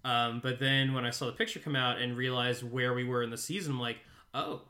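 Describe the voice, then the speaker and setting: A man's voice: medium pitch, steady tone, fairly quick, pushed and bright. A man co-hosting a podcast, recapping an episode in casual, rambling chat with lots of fillers and frequent laughter. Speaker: podcast co-host.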